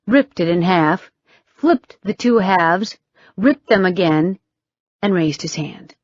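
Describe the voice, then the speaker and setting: A woman narrating a first-person fiction audiobook with wry, brisk storytelling. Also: lowish voice, no room sound. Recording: slightly dull, dry recording.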